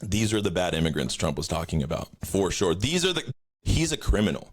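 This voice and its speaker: A young man rants through a profane story on his podcast. His usual voice sits fairly low, but he keeps leaping up high to replay his own lines. The delivery is loose and animated, full of restarts and asides. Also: fairly quick. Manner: profane, animated storytelling, jumps high when quoting himself. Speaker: podcast host. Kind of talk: casual rant.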